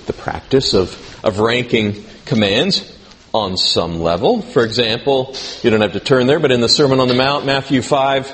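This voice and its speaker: A man's voice: mid-range voice, fairly bright tone, a little hiss or hum. A man preaching in a conversational teaching style, reading scripture aloud and asking his listeners questions. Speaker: preacher teaching a Bible class. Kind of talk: sermon.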